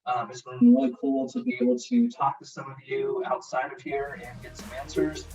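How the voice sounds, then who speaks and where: A man's voice: medium pitch, sing-song, moderate pace, a little mellow, soft background music. A man on a video call sharing how a leadership course helped him, rambling and repeating words. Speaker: program participant. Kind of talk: casual testimonial on a video call. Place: home, siren heard outside. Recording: distant, dull video call audio.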